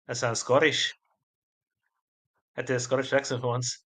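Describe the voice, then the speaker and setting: A man's voice: medium pitch, flat delivery, normal speed, fairly bright tone. An Australian man chatting casually on a live stream, rambling between topics and laughing often at his own crude jokes. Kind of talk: casual live-stream chat, reading out viewer comments.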